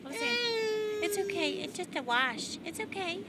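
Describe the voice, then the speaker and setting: Mom in the car at a car wash, very high soft voice calming a scared baby, super loud machine noise all around. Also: female voice, normal speed. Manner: soothing, repeats reassurance over and over. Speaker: parent soothing a crying baby. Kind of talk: home video, casual family chat. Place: inside a car going through a car wash. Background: loud rumble of the car wash machinery.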